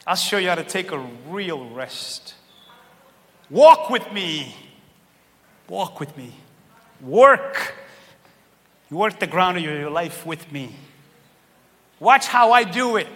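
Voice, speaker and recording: A man preaching a sermon in a church, animated and joking, pulling the crowd in with questions. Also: sits high, moderate pace, long pauses. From Cape Verdean heritage. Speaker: pastor. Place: large church hall. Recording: long church hall reverb, faint room noise.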